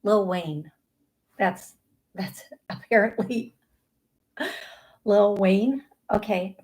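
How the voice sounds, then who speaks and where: Middle-aged woman medium hosting a live show; slow, easygoing delivery, chatty with many restarts. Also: medium pitch, a little mellow, poor audio. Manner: chatty, laughs easily, many restarts and fillers. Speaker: psychic medium show host. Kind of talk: live call-in show talk.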